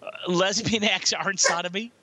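A man's voice: sits high, fairly even intonation, moderate pace, sharp tone, slight background noise. A man guest-hosting a comedy podcast, handing out the stories and joking cheekily with his co-hosts. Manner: cheeky, laughs easily, directs the show. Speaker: guest host. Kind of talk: casual comedic chat.

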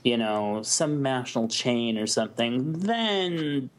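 Brief: man, casual panelist, musing and hedging, mid pitch. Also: animated, takes it slowly. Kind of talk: casual comedy podcast chat.

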